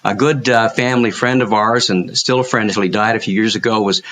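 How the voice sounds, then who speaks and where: An older man with a lowish voice talks about his career as a podcast guest. He is reflective and anecdotal, often restarting his sentences. It sounds like he is on a video call. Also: fairly even intonation, brisk, fairly bright tone. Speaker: guest surgeon. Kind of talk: podcast interview.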